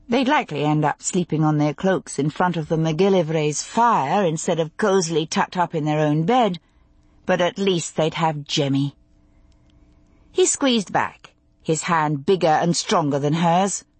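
Husky-voiced woman narrating an audiobook. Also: deep voice, no room sound. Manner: expressive, measured storytelling. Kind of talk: scripted narration.

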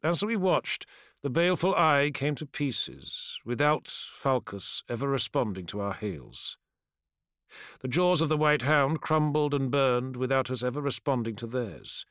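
A man narrating a first-person fantasy audiobook in a measured, grave storytelling voice. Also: medium pitch, expressive, fairly bright tone, dry recording, clean studio sound.

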